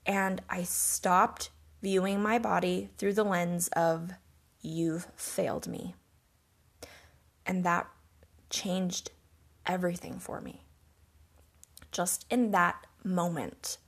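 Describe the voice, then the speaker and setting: A woman's voice: fairly low pitch, little pitch movement, slow. A woman hosting a podcast, telling a personal story in an earnest, reflective and emotional way. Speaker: podcast host.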